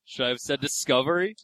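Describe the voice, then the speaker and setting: A man's voice: a little high, normal speed, fairly bright tone. A young man doing a profane stand-up comedy set, ranting and acting out the people in his stories. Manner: profane, ranting, acts out quoted voices.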